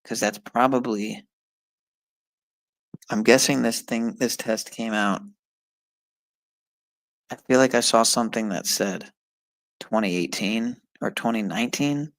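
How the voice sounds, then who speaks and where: A man's voice: medium pitch, unhurried, long pauses, no echo, low-quality recording. A man streaming live, muttering and swearing in frustration as he works through an online test and talks to his viewers. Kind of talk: casual live-stream talk while taking an online test.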